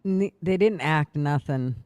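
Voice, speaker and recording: A man with a slightly high yet mellow, smooth voice, telling an easygoing story. The sound is close and dry, with no room echo. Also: a little slow. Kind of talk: casual chat.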